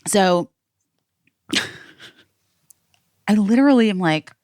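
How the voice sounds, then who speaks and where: A woman's voice: lowish voice, normal speed, no echo, clean studio sound. A woman hosting a podcast, telling a story in casual chat with lots of fillers. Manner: animated storytelling with many "like" fillers. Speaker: podcast host.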